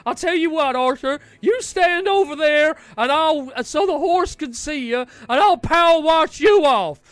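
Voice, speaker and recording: Man voicing a pompous gang leader, bossy and smug, very high bright voice, dry close sound. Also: expressive, measured pace, no echo, full character voice.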